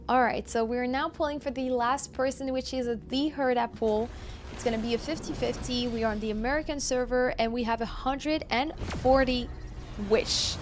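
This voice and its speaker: Chatty woman streamer, music faint behind. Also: fairly high pitch. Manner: chatty, apologetic, laughs often. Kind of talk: casual live-stream chat.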